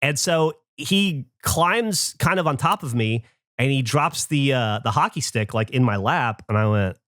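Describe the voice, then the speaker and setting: A middle-aged man co-hosting a podcast, telling a story in a lively, comic way and breaking into loud shouts when he acts it out. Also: medium pitch, measured pace, dry recording, studio quality. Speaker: podcast co-host. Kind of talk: casual chat, comic storytelling.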